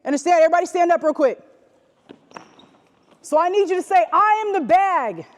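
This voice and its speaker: A woman with a high voice gives an upbeat motivational talk to young basketball players. She pulls the group into call-and-response. Her voice carries from a distance through a gym with a long, ringing reverb. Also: brisk. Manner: energetic call-and-response with the audience. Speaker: youth basketball motivational speaker.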